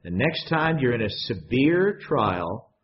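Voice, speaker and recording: A man's voice: medium pitch, sing-song, slow pace, a little hiss or hum. A man preaching a sermon in a conversational way, often putting questions to the congregation. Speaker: pastor. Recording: dull lo-fi sound.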